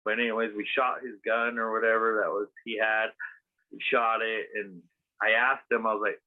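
A man's voice: fairly low pitch, flat delivery, normal speed. A man telling a rambling story casually as a podcast host, full of fillers and swearing. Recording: tinny phone-like sound.

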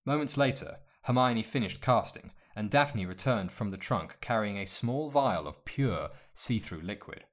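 Male narrator, lower voice, steady and measured storytelling. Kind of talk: audiobook narration of fan fiction.

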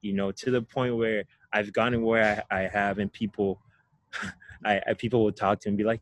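A man's voice: lowish voice, level tone, normal speed, no room sound. A young man from Ghana, a guest telling his own story in a casual interview, reflective and often laughing as he talks.

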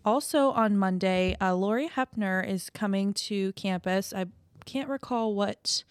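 A chatty woman reads a run of campus event announcements, her voice pitched in the middle of the range. She fills gaps with "um" and "uh" and keeps it casual. The sound is dry and close. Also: measured pace, clean tone, dry recording. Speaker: podcast co-host reading campus announcements. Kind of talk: casual chat.

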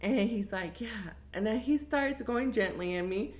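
A young woman, telling a crude story in casual chat, animated and laughing often. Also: mid-range voice, unhurried. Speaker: storyteller guest.

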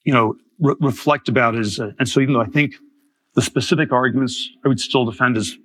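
A man in his fifties giving a public lecture, talking haltingly with many restarts and repeated words. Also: medium pitch, a bit bright. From Germany. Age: 50s. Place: lecture hall.

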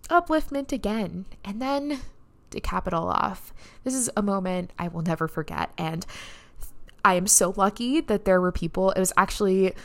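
A woman talking casually on her own podcast in a mid-range voice. She tells her story excitedly and a little breathlessly, with frequent "like"s. Her delivery stays heartfelt and emotional throughout. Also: medium pitch. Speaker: podcast host and neuroscientist. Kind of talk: casual solo podcast recap.

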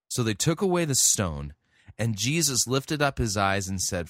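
A man preaching a sermon, reading scripture aloud and then explaining it in an earnest, halting way with many restarts. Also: lowish voice, animated, a bit bright, dry recording, studio quality. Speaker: pastor. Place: church.

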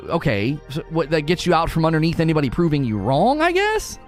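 A man's voice: a little high, wildly swooping pitch, quick pace, faint music behind. A man ranting in a sarcastic, argumentative way, as a streamer answering his chat. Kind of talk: ranting commentary.

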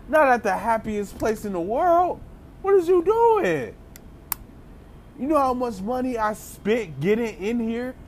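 A man's voice: high-pitched, slight background noise, pitched above the performer's own voice. A man voicing an exasperated young father who rants indignantly about his day out being spoiled. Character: exasperated young dad at a theme park.

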